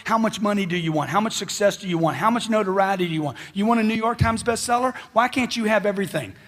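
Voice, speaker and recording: A man giving a live motivational speech into a handheld mic, loud and punchy, firing off rhetorical questions. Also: high-pitched, quick pace, long reverb tail. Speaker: motivational speaker.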